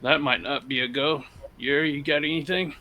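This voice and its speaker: A man's voice: fairly high pitch, steady tone, moderate pace, sharp tone, low-quality recording. A man playing a tabletop game, talking in a casual, offhand way. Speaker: player.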